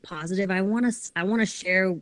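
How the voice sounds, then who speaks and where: A woman's voice: medium pitch, fairly quick, no echo. Earnest woman, dry close sound. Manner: earnest, with frequent "right?" and "like". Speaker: podcast guest, figure competitor and coach. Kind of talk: casual chat.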